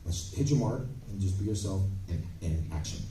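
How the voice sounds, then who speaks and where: A man with a dark, mellow voice tells stories with emphatic bursts of energy on a convention panel. He sounds fairly low and distant. The recording is a phone clip from the crowd in an echoey hall. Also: normal speed, slight background noise. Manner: animated, emphatic storytelling with bursts of volume. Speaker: panel guest, actor. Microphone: phone recording from the audience.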